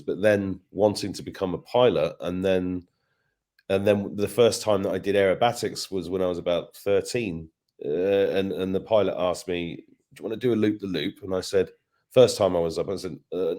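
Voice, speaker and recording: A man's voice: low voice, steady tone, moderate pace, a little mellow. A middle-aged man from England hosting a casual interview, rambling and often restarting his sentences. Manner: rambling, self-interrupting storyteller. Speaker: podcast host.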